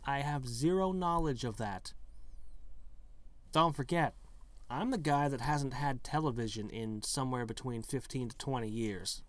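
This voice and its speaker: A man's voice: mid-range voice, measured pace, dry recording. A man hosting a gaming video, reading a text adventure aloud and breaking in with wry, joking asides. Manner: wry, joking asides between narrated passages. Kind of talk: reading a text game aloud with casual commentary.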